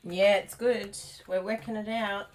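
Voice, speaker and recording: A woman's voice: mid-range voice, steady tone, a little slow. A woman co-hosting a live craft stream, chatting playfully and laughing often, with a slight frog in her throat. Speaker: craft demonstrator co-host.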